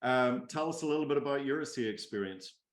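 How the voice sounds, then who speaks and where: A man's voice: medium pitch, animated, quick pace, roomy sound. A man hosting a call interview, encouraging and affirming his guests. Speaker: host.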